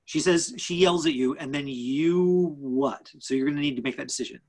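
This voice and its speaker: Over what sounds like a video call, a man teaches an online acting class in a slightly high, husky, somewhat mellow voice. His coaching is halting, stuffed with fillers and frequent restarts, and the recording quality is low.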